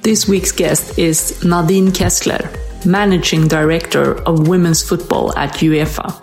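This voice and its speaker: Female host, scripted intro, gravelly, lowish voice, faint music. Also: fairly even intonation, darkish tone. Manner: measured, formal. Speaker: podcast host.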